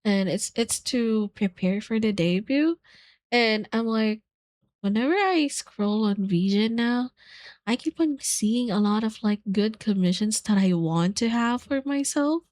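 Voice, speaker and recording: A woman's voice: a little high, a little slow, no room sound. A young woman streaming, chatting casually with friends, giggling and squealing as she gushes. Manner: giggly, squealing, gushing with excitement.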